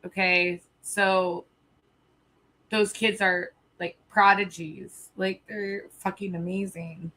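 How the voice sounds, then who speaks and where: A young woman talks casually to her live-stream viewers, choked up and close to tears. She keeps stopping to collect herself, and her asides trail off softly. Her voice sits at an ordinary middle pitch. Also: flat delivery, slow, low-quality recording.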